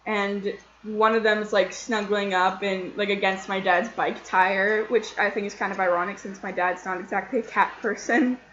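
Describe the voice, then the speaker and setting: A young woman tells a casual storytime tale in a chatty, excitable way, full of "like"s. She has a mid-range voice. The sound is slightly dull and comes with a roomy echo. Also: medium pitch, normal speed, hardly any pauses, slight background noise. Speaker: vlogger.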